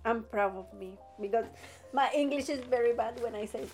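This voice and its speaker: A woman's voice: a little high, a little mellow, faint music behind. Middle-aged woman, native Spanish speaker. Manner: laughs often, mixes Spanish with halting English. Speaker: guest, the host's mother. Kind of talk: casual podcast chat.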